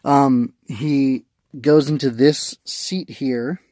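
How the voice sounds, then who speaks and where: A man's voice: mid-range voice, fairly even intonation, drawn-out words, dark tone, dry recording, clean studio sound. Rambling man reviewing a comic. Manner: rambling, many fillers and restarts. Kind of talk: casual spoken review. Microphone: phone.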